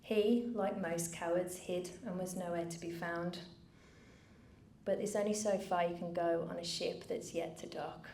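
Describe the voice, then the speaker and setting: A middle-aged woman giving a personal speech from a stage, earnest and measured with dry asides. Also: fairly low pitch, steady tone, mellow. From United Kingdom. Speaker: founder giving a keynote speech. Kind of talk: personal story told from a stage. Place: event venue with a live audience. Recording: roomy venue, faint background noise.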